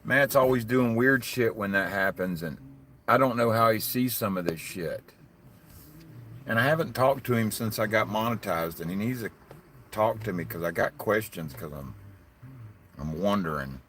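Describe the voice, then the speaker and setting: Brief: very low-voiced man, Southern drawl, blunt and cussing, rambling live-stream talk, faint ambience behind. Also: animated, normal speed, a bit bright, a little hiss or hum. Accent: Southern US hillbilly. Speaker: livestreaming vlogger. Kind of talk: casual live-stream chat.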